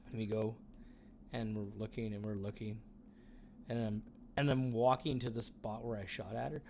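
A man's voice: fairly low pitch, flat delivery, measured pace, long pauses, darkish tone, a little hiss or hum. A man co-hosting a podcast, telling a long story in casual chat, rambling with lots of fillers and swearing. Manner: rambling, filler-heavy, profane. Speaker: podcast co-host.

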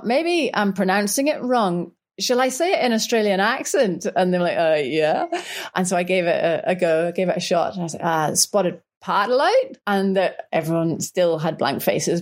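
Northern Irish woman, guest author, slightly low voice, keen storyteller who restarts often. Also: darkish tone. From Northern Ireland. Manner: enthusiastic, with frequent restarts and light laughs. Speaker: children's book author, guest. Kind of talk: relaxed conversational storytelling.

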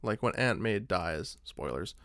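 With a deep, expressive, fairly bright voice, this man speaks unhurriedly while co-hosting a podcast. He rambles casually about movies with many filler words, and the recording is dry and clean, studio quality.

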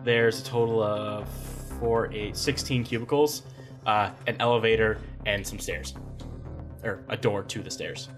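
A man's voice: on the low side, fairly even intonation, music in the background. A man running a tabletop role-playing game as game master, narrating scenes in a casual, joking way. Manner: casual, laughing, quick asides.

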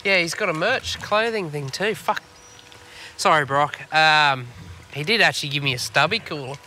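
A laid-back Australian man, very bright and forward in tone and a touch high for a man, chatting and rambling on a fishing podcast. He swears freely as he goes. It's recorded out on a boat, with faint noise underneath. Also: moderate pace. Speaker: podcast co-host. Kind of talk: casual chat. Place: on a boat on the water.

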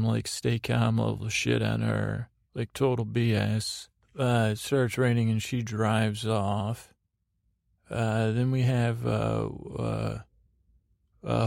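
Guy with a very gravelly flat voice, rambling recap full of uhs. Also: mid-range voice, no echo, clean studio sound. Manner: meandering, halting, full of uh and restarts. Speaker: podcast host. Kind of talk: rambling sleep podcast recap.

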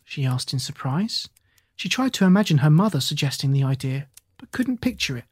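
An audiobook narrator reading a children's novel in a steady, measured way. The voice sits mid-range. It is recorded on a close mic with no room sound at all. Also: medium pitch, breathy edge, no echo. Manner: measured and even storytelling.

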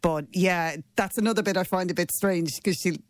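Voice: mid-range voice, moderate pace, no room sound. A panelist chats on a radio show in a mid-range voice, easygoing and teasing. The sound is dry and close to the microphone. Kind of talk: casual radio chat.

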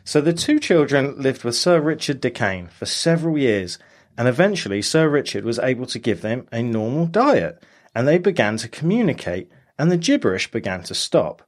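A man's voice: medium pitch, very animated, moderate pace. A man, co-hosting a casual podcast, explaining a story at length in a jokey, laughing way. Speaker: podcast co-host telling the story.

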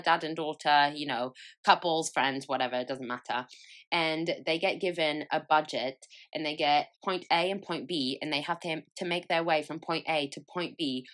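A young woman, hosting a podcast and telling travel stories in a chatty, animated way, laughing and swearing freely. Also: sits low. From France. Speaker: podcast host. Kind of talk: casual chat.

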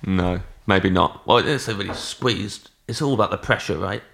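Low, gravelly man talking fast. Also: a bit bright, slight background noise. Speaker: comedian host. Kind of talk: casual podcast chat.

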